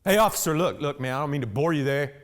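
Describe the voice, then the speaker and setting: A man with a slightly high, expressive voice talks fast in a lightly acted theatrical monologue. Alone on stage, he plays a rambling blue-collar husband talking to a police officer, constantly saying "man" and restarting sentences.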